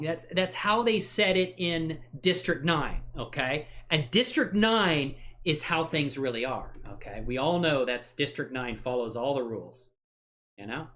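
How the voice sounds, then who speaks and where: A man hosting a software livestream, chatting casually and thinking aloud while he works, rambling and joking at his own expense with frequent laughs. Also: on the high side, expressive, a little slow. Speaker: livestream host.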